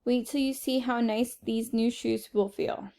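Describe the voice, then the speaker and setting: Patient coaxing male shoe salesman, storybook, mellow voice, woman voicing. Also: a little high, steady tone, measured pace, gravelly.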